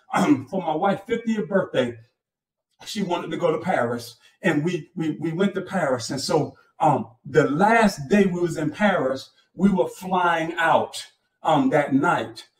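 A pastor in his fifties preaches a sermon in a church sanctuary, his voice a little high with lively intonation and a slightly slow pace. He calls out fervently to the congregation and tells folksy, colloquial stories. The mic is far off in a roomy church hall.

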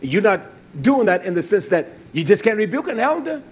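A man preaching a sermon, emphatic, swinging between low asides and loud raised emphasis. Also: sing-song, fairly quick, breathy edge.

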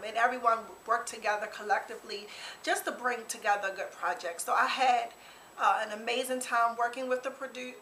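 A woman speaking as a producer in an interview, earnest and thoughtful, pausing with fillers. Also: a little high, bright, forceful tone, roomy sound, a little hiss or hum, poor audio. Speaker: producer and cast member. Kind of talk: on-set interview.

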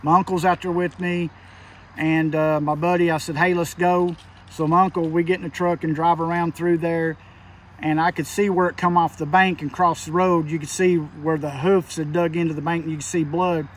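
Guy telling a scary hunting story, pretty high voice, talks kinda tense, sounds a bit far off the mic. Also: level tone, normal speed, a little hiss or hum. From Kentucky. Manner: rural dialect, tense and emphatic. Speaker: hunter telling an encounter. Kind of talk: casual storytelling. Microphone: phone call.

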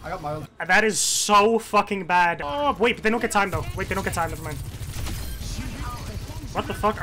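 A young male streamer giving live play-by-play in a ranked match, his voice leaping up and down as he shouts callouts to teammates and curses at what happens. He speaks through a headset or desk mic, and a steady hiss of noise sits under his voice. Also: high voice. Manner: excitable, swearing, yelling quick callouts to teammates. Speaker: gaming streamer. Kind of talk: live gameplay commentary and team voice chat.

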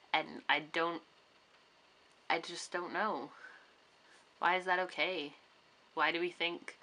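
Bright young woman chatting casually. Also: deep voice. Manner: chatty, rambling, full of fillers. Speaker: vlogger. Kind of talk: casual vlog chat. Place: her bedroom, indoors. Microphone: camera on a tripod facing her.

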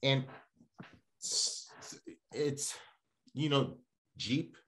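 A man hosting a casual car podcast, talking in an animated, ranting way. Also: mid-range voice, very slow.

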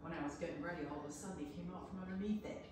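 A woman's voice: fairly low pitch, racing, darkish tone, reverberant, slight background noise. A woman casually chatting about the cat at home. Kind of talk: casual chat.

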